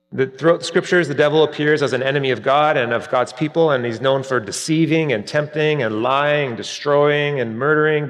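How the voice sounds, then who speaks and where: A man preaching a sermon earnestly, rising for emphasis and dropping soft at key points. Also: mid-range voice. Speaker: pastor. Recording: long reverb, hall-like.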